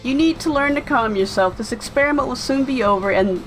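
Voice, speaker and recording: A woman's voice: sits high, brisk, soft background music, natural voice, poor audio. A woman voicing a scheming, pompous male villain doctor who gloats with a theatrical laugh. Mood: gloating.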